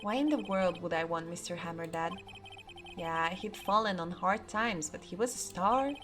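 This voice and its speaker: A woman's voice: fairly low pitch, normal speed, background noise, close to an everyday voice. A woman reading a cold, scheming producer. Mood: cold, dismissive. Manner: dismissive, self-assured.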